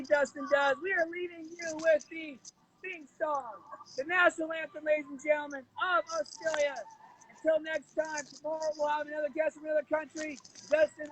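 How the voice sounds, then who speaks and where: A high-pitched man hosts a friendly chat show. His talk is upbeat and jumps suddenly in pitch. Faint traffic noise sits under his voice. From United States. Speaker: host. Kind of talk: casual chat with a guest.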